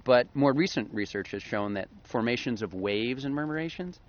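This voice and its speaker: Podcast co-host, male, mid-pitched, eager explainer, slightly muffled lo-fi sound. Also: animated, moderate pace. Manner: explanatory, enthusiastic, laughs easily. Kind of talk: casual chat. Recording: slightly dull lo-fi podcast audio.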